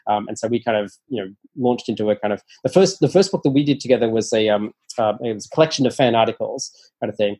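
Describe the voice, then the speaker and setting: Guy rattling off stories quick, mellow husky voice, lots of ums and acted-out quotes. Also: fairly low pitch. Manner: animated, often acts out quoted dialogue in a raised voice; chatty, many fillers and restarts. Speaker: interview guest, nonfiction author. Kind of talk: casual conversational storytelling.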